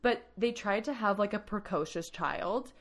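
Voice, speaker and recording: A woman's voice: mid-range voice, normal speed. A woman co-hosting a podcast in casual chat, telling stories animatedly and laughing often. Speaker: podcast co-host.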